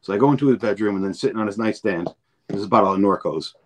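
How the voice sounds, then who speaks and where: A man's voice: on the low side, quick pace. A man, a podcast guest, telling stories in a rambling, profane way and repeating words as he acts out each scene. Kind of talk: casual storytelling chat.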